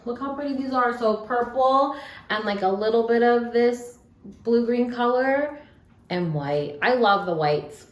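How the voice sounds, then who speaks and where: A woman's voice: fairly high pitch, a little slow. Upset young woman in an echoey room. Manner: upset but trying to stay upbeat, swinging between sad and excited; chatty, with frequent likes and occasional cursing. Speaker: vlogger. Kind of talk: casual unboxing vlog. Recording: echoey room, faint background noise.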